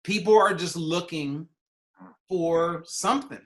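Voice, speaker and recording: A male podcast host in casual chat, telling a lively anecdote. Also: on the high side, slow. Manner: animated anecdote teller.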